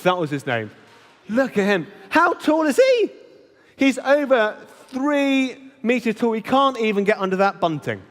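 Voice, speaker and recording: A man giving an animated Bible talk at a children's holiday club, asking the children questions as he goes. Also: high voice. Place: church hall. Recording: reverberant hall.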